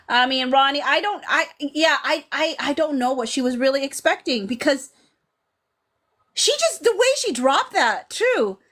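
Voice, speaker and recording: A woman in her thirties hosting a casual live stream. She reads viewers' comments aloud and talks in an animated way, full of fillers, often acting out lines from the scenes she describes. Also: high voice, measured pace. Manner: animated, chatty, lots of fillers, quotes scenes dramatically. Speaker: podcast host reading live chat.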